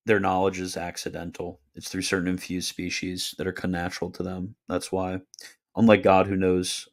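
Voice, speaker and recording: A young man with a deep, low voice hosts a livestream Q&A. He reads chat questions and tosses back offhand, deadpan answers with a joking edge. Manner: offhand, deadpan, quick jokey replies. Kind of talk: casual livestream Q&A.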